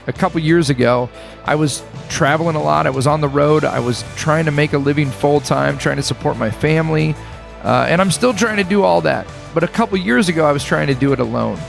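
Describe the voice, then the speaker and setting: A man in his thirties hosting a podcast, talking to listeners in an earnest, encouraging monologue with halting restarts, a little choked up. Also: a little high, vocal fry, soft background music. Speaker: podcast host. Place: hotel room.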